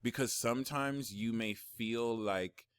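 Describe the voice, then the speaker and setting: A man giving a personal astrology reading, excitable and slangy, swinging from hushed talk to excited shouts. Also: medium pitch, takes it slowly, clean tone, no room sound, clean studio sound.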